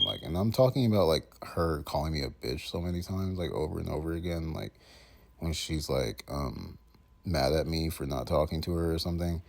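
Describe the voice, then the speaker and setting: Young male vlogger, deep and gravelly, loose rambling delivery full of "bro". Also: expressive, moderate pace. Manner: rambling, full of fillers and "bro", drifting from mumbling to loud. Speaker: vlogger reading out chat messages. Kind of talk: casual rambling commentary.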